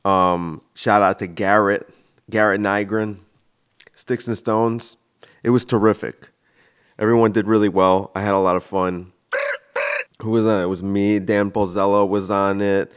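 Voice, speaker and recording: A man's voice: lowish voice, flat delivery, measured pace, smooth. A man hosting a solo comedy podcast from his kitchen, rambling and joking at his own expense into a microphone. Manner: rambling, self-mocking, jokey. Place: home kitchen, alone. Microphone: studio-style microphone.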